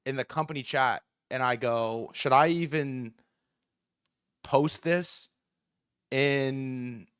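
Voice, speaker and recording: A man hosting a casual livestream from outdoors, excitable and profane, rambling with many restarts. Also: mid-range voice, slow pace, pauses often, smooth. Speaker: livestream host. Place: outdoors in New York City.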